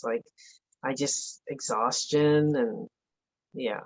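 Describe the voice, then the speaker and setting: A middle-aged woman giving a halting, emotional personal account as an interview guest, with many fillers and restarts. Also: extremely low pitch, fairly even intonation, poor audio. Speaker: interview guest, bereaved mother.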